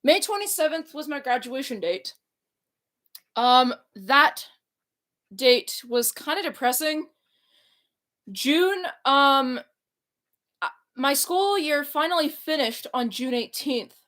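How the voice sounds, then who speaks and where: A woman's voice: high voice, lively intonation, slow, long pauses, a bit bright. Young woman rambling with fillers. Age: young adult. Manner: rambling, many fillers and restarts. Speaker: YouTuber. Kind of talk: casual chat.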